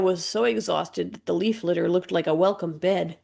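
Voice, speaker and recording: A woman narrating an audiobook in a measured, gentle storytelling manner. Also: on the low side, vocal fry. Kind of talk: scripted narration.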